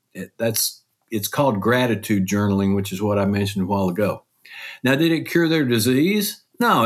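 Folksy, animated middle-aged man host. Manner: folksy, animated, with mock quotes in a higher voice. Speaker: podcast host. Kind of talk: conversational motivational talk.

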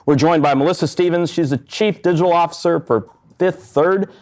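A man's voice: a little high, fairly quick, darkish tone. A man hosting a live stage show in front of an audience, upbeat and joking. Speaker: podcast host. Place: event space with live audience. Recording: muffled live recording.

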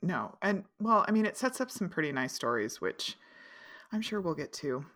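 A woman co-hosting a casual recap podcast, chatty and quick to react. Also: lowish voice, sing-song, fairly bright tone. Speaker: podcast co-host.

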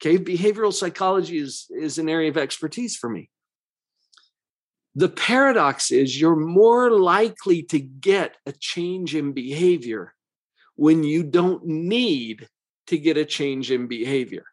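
A man hosting a parenting podcast, explaining calmly and slowing down to stress key words. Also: fairly high pitch. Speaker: parenting coach and podcast host. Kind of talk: podcast monologue.

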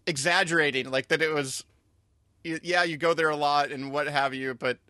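Bright-voiced man rambling casually. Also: a little high, steady tone, moderate pace, no room sound, studio quality. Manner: rambling, self-correcting, chuckles often. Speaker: podcast co-host. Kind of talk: casual chat.

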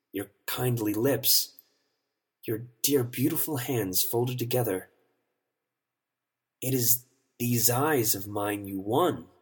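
A man's voice: mid-range voice, husky. A man voicing a lovesick young man who speaks tenderly and with passion in an audiobook story. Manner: tender, impassioned.

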